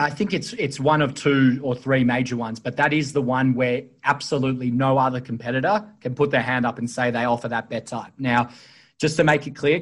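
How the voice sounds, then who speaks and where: Man with an even, level delivery. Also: mid-range voice. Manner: explanatory, many fillers and restarts. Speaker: sportsbook executive guest. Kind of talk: podcast interview.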